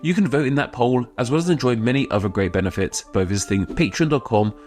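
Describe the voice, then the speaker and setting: A man's voice: medium pitch, fast talker, a little mellow, faint music behind. A British man from the United Kingdom giving a scripted explainer, chatty with self-mocking asides. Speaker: YouTuber explaining idioms.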